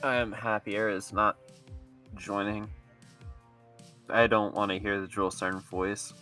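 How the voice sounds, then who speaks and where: A man's voice: on the low side, flat delivery, a little slow, sharp tone, faint music behind. Laid-back male stream guest. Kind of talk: casual gaming stream chat.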